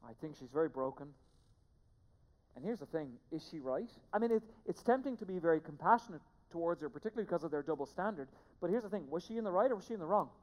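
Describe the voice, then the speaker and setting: A pastor preaching a sermon to a church, emphatic, repeating key phrases and swinging between hushed and loud delivery. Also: medium pitch, animated, quick pace. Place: church sanctuary. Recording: long reverb of a large hall.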